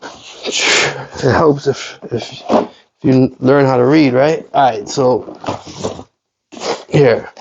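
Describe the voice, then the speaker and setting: A man hosting a card collecting vlog, telling a rambling story with many self-corrections and lively quotes of other people. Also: mid-range voice, drawn-out words, pauses often, breathy edge, muffled recording. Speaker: card collecting channel host.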